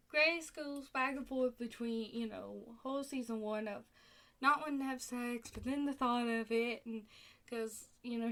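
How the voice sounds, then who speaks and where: A woman's voice: fairly high pitch, a bit bright. Rambling, exasperated young-sounding woman. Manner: rambling, exasperated, many fillers and restarts. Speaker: podcast host reviewing a TV show. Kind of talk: casual chat. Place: home.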